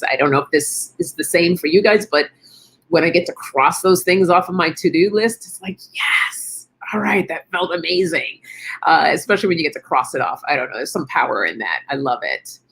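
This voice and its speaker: A woman's voice: sits low, fairly bright tone, husky. A middle-aged woman hosting a casual wellness chat stream, chatty and encouraging, thinking aloud as she answers viewers. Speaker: live stream host.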